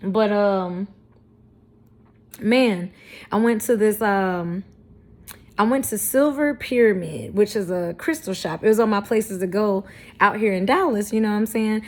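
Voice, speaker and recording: A woman in her thirties speaks straight to her viewers in a vlog, blunt and heavy with profanity. She leans hard on self-affirmations and spiritual language, her voice at an ordinary pitch for a woman. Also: a little slow, darkish tone. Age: 30s. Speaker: vlogger. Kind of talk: candid talk to camera.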